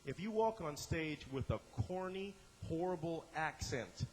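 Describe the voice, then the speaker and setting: A man's voice: a little high, animated, a little slow, in a large hall, rough recording. A man teaching an improv class, talking with energy, acting out short examples in character voices and often repeating and restarting his words. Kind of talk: instructional talk to a class.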